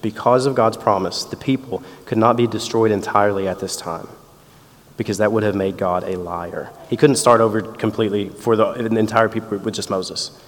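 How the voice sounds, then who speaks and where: A pastor in his thirties, with a lowish and fairly even voice at normal speed, preaches conversationally, sharing family stories and acting out quotes. The hall adds long reverb.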